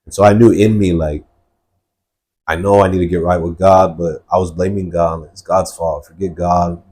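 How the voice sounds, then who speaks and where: Deep husky-voiced man telling his testimony. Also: steady tone, moderate pace, darkish tone. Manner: earnest, rambling with many fillers. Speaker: guest sharing testimony. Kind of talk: personal testimony in a podcast interview.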